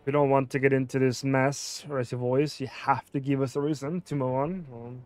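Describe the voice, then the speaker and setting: A man's voice: medium pitch, steady tone, moderate pace, darkish tone, soft background music. A man streaming a video game, casually reading out dialog choices and thinking aloud about what to pick. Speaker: gameplay streamer. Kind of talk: casual let's-play commentary.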